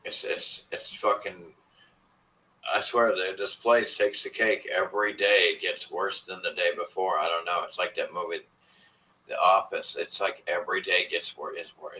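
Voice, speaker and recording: This vlogger talks with his live-stream audience in a rambling, profane way, complaining out of frustration. His voice is low-pitched and sharp-toned, and the audio quality is poor.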